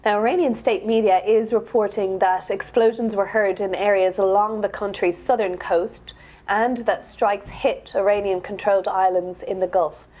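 A woman news anchor reading reports and moderating a panel discussion in a brisk, friendly way. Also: mid-range voice, a little mellow.

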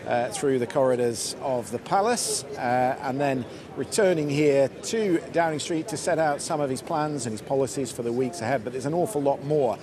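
Male news presenter outdoors, crowd behind. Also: mid-range voice. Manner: brisk, conversational questioning. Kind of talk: live news broadcast. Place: outdoors on a city street. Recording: outdoor broadcast with crowd noise. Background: crowd chatter and passing traffic.

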